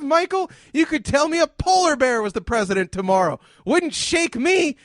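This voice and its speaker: A man hosting a podcast, ranting with lots of profanity and often breaking into shouts. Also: very high voice, dry recording, studio quality. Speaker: podcast host.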